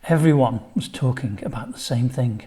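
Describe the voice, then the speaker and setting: A man's voice: medium pitch, normal speed, dark tone. An older man reading his own children's story, chatty, with asides to the listener.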